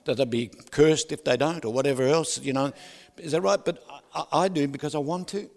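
A man preaching a sermon, loud and animated, who keeps asking the crowd for agreement and drops joking asides with laughs. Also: on the high side, brisk, creaky. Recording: long hall reverb.

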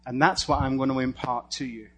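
A man preaching a storytelling sermon and praying aloud, animated and humorous, dropping to a hush and rising loud again. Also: mid-range voice, a little fast, slightly rough. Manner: animated storyteller with sudden shifts between hushed and loud; casual and humorous, laughs at his own lines. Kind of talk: storytelling sermon and spoken prayer.

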